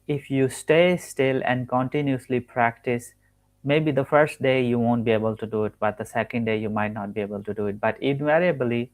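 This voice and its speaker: Earnest man teaching spiritual ideas. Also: mid-range voice. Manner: earnest, repetitive, restarts and self-corrections. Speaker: manifestation coach. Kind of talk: spoken teaching monologue.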